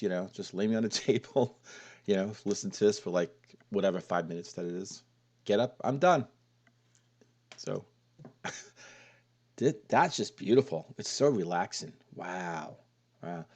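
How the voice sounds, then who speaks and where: Relaxed, low-voiced man reacting to music. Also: moderate pace. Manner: relaxed, awed, laughing softly. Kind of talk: casual reaction commentary.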